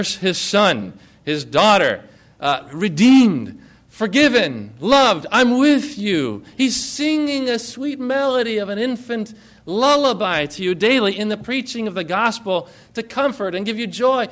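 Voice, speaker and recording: Man, pastor, sermon, high-pitched, earnest, conversational, asks questions. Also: fairly bright tone.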